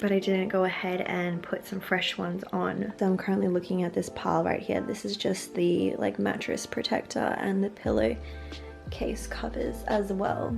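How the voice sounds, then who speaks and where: A woman's voice: mid-range voice, creaky, darkish tone. An Australian woman around thirty chatting casually to camera at home in her vlog, full of "like" fillers. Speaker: lifestyle vlogger.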